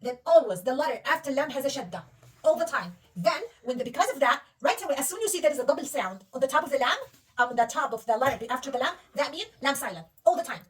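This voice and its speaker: A woman's voice: high-pitched, expressive, fast talker, slightly rough, distant mic. A woman teaching a young pupil to read Arabic, patiently quizzing her and praising right answers. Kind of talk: one-on-one reading lesson.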